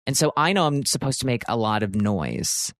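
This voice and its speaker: Male podcast host, 30s, from Pennsylvania; animated comic storyteller with a middle-range voice on a dry mic. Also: mid-range voice, normal speed, no room sound. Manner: expressive, swearing, jumps into shouted quotes.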